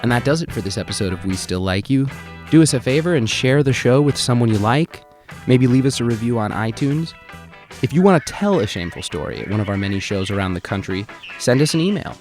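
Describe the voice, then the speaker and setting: A man hosting a podcast, giving the outro with a brisk, friendly sign-off. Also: medium pitch, expressive, a little mellow, soft background music. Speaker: podcast host. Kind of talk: show outro.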